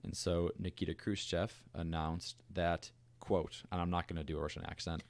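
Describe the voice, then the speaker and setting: A man co-hosting a podcast, telling a history story in a relaxed, conversational way with fillers and asides. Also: low voice, moderate pace, hardly any pauses, dry recording. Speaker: podcast co-host. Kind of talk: casual storytelling chat.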